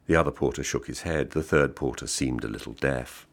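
Deep, gravelly male story reader. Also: lively intonation, brisk, few pauses. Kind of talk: literary short story reading.

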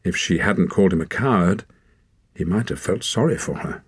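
Deep, husky male audiobook narrator. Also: animated, normal speed, dry recording, studio quality. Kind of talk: scripted narration.

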